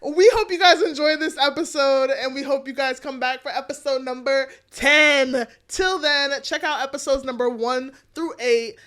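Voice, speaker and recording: High-voiced, giggly woman podcast host. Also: a bit bright. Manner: giggly and playful, teasing. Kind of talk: casual chat.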